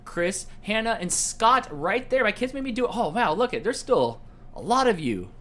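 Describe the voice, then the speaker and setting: A man's voice: high voice, big pitch swings, moderate pace, fairly bright tone. Playful man hosting a live trivia show. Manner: playful, jokey, easily distracted. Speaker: trivia game show host. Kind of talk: casual live-stream hosting.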